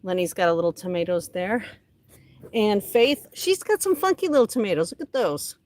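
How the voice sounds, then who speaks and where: A woman's voice: mid-range voice, animated, normal speed, darkish tone. Chatty woman touring her garden. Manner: chatty, talks to her plants by name. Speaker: livestream host. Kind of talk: casual chat.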